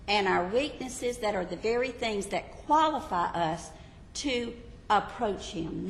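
A woman's voice: mid-range voice, slight background noise. A woman teaching the Bible to a class, earnest and emphatic, reading quotes aloud. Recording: echoey hall, faint ambience.

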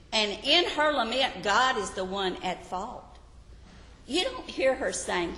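Female Bible teacher, unhurried sermon delivery, repeats points, quizzes the room; roomy church hall sound. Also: on the high side, very animated, bright, forceful tone. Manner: emphatic, repeats key phrases, questions the audience. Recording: echoey hall with long reverb.

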